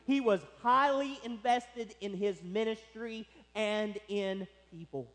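A pastor preaching a sermon with emphatic stress, slowing down to press key words. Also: male voice, sits high. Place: church sanctuary. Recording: long hall reverb.

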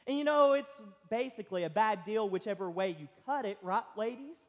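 Man, pastor, storytelling sermon, high-pitched, reverberant church hall. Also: expressive, a little fast. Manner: storytelling, acts out other voices.

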